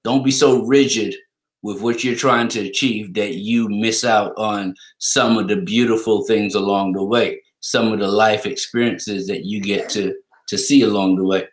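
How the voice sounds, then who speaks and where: A man's voice: fairly low pitch, steady tone, moderate pace. Laid-back middle-aged man in a roomy space. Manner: laid-back storyteller who laughs through his anecdotes. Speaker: podcast co-host. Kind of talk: casual podcast chat. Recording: roomy echo.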